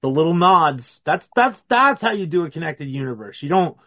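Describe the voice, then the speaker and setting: A man rambles through a casual movie-commentary chat, loose and profane. His voice sits a little high, and the recording sounds dull and lo-fi. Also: big pitch swings, moderate pace, sharp tone. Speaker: podcast co-host.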